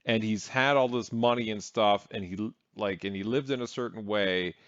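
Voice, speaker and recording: A man's voice: fairly low pitch, normal speed, fairly bright tone, no echo, dull audio. A man commenting over an interview clip, mocking and sarcastic in tone. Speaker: reaction commentator.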